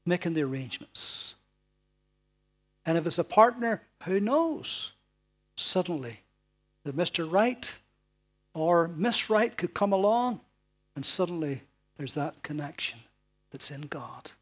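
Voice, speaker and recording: A man preaches to his congregation in an easygoing, conversational sermon, checking in with tag questions as he goes. His voice sits fairly high for a man. Soft music plays faintly in the background. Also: expressive, measured pace, long pauses, breathy edge. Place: church hall before a congregation.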